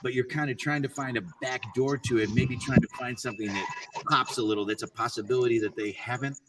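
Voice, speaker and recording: A man's voice: medium pitch, fairly even intonation, fast, distant mic, heavy background noise. A man, a voice actor, chatting casually and playfully about demonstrating character voices. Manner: playful, laughs often.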